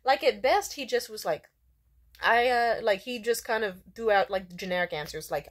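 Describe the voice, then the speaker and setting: A woman's voice: mid-range voice, expressive, normal speed. Young woman, vlog storytime, casual and blunt, swears freely, indignant, lots of fillers. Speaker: vlogger.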